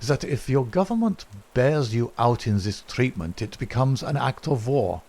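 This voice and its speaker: A man's voice: mid-range voice, expressive, darkish tone, pitched above the performer's own voice. A man reading as a grim captured spy. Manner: slow, grim and resentful. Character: bitter captured foreign spy, male, strong.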